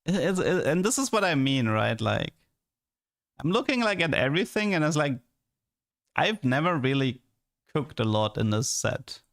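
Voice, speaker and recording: A man's voice: fairly high pitch, big pitch swings, normal speed, pauses often, a bit bright. A young man streaming and chatting casually, rambling and stammering, often repeating words and laughing.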